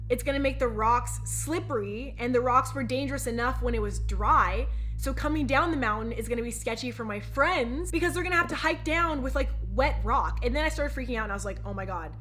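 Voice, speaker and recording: A young woman with a high, bright voice tells a story to her camera. She is chatty and animated and keeps turning to her viewers. It sounds like a casual vlog. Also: a little fast, soft background music. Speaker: vlogger.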